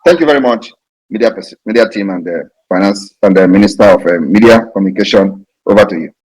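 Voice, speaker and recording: A man's voice: fairly low pitch, quick pace, a little mellow, slightly rough, poor audio. A man giving a heated, mocking political address to supporters, repeating points for emphasis. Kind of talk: impassioned live audio address. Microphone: online audio space.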